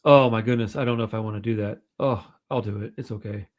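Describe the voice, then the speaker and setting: A man's voice: fairly low pitch, steady tone, fast. Rambling, swearing male podcast host. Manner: rambling, swears freely, self-deprecating. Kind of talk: casual chat.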